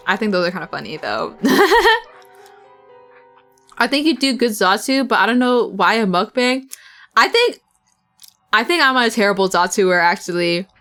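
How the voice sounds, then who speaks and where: A woman's voice: medium pitch, fairly bright tone. A young woman streamer chatting casually with her viewers, rambling and giggly, talking while she eats.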